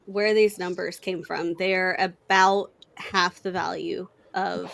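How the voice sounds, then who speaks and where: A woman co-hosts a relaxed auction stream at an unhurried pace. She states rules and bids plainly with a dry edge, recorded close and dry. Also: on the low side, creaky, no echo. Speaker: auction co-host. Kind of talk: casual livestream chat.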